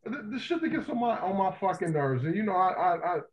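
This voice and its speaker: Profane ranting man, slightly high voice. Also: sing-song, quick pace, highs cut off. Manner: heated, profane ranting with loud outbursts. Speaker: podcast co-host. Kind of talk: casual pop-culture podcast chat.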